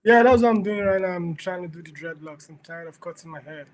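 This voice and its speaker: A friendly, easygoing man chats as a guest on a video call. His voice is high for a man and sounds a little distant over the call. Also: fast talker. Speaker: guest creator. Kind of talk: casual video-call chat.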